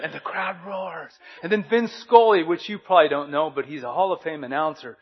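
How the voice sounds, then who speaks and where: A man's voice: on the high side, a little fast, few pauses, lo-fi sound. A man preaching a sermon as pastor, earnest and fond of repeated rhetorical questions.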